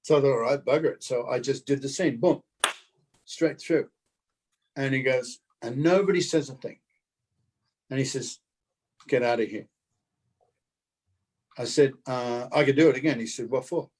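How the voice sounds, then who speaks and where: An older man telling a lively showbiz anecdote over a video call, acting out the other people's voices as he goes. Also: mid-range voice, normal speed, long pauses, rough recording. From Australia. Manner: animated storyteller acting out voices. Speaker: guest actor.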